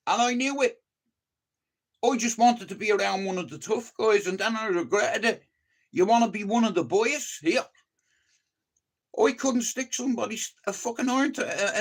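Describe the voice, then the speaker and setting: A man's voice: high-pitched, a bit bright. An older man with a Dublin accent in a casual livestream monologue, blunt and profane, agitated, stammering over restarts as he tells his story. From Ireland.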